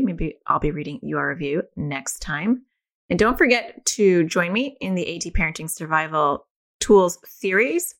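A middle-aged woman hosting a parenting podcast, talking casually with many fillers in a reassuring, gentle way. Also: lowish voice. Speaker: podcast host.

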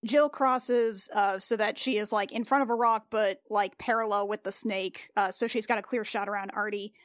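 A woman's voice: mid-range voice, normal speed, no echo, clean studio sound. A joking woman playing a tabletop game. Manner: joking, easily excited. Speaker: player. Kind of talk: casual tabletop game play.

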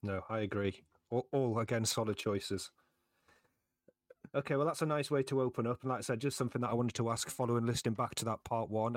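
A man hosting a football podcast, relaxed and casual, with frequent ums. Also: medium pitch, dry recording, studio quality. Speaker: podcast host.

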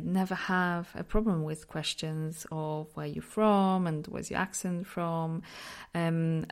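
Slow-talking Polish woman, mixed accent. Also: low voice, a little mellow. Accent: mixed Polish-British. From Poland. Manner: candid and self-deprecating, laughing often. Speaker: podcast host. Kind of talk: reflective solo podcast monologue.

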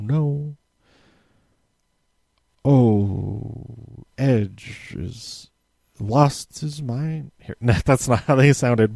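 A man's voice: mid-range voice, a little mellow, no room sound. A man casually reviewing a wrestling episode from handwritten notes, rambling with many fillers and restarts.

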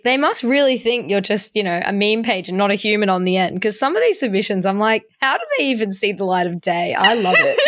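A woman's voice: mid-range voice, no echo, clean studio sound. A woman co-hosting a casual chat, reading out listener submissions and laughing often. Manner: giggly, laughs often, animated. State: sober, going through a breakup.

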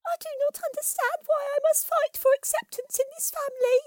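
A woman's voice: extremely high pitch, fairly even intonation, fairly quick, no room sound. A woman voicing a solemn, melancholy male ugly duckling who speaks in grave, old-fashioned words. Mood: mournful.

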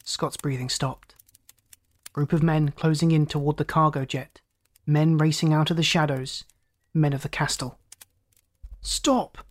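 A narrator reading a story aloud in a steady, dramatic way. The pace stays even, with pitch in the middle range for a reader. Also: moderate pace. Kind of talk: audiobook narration.

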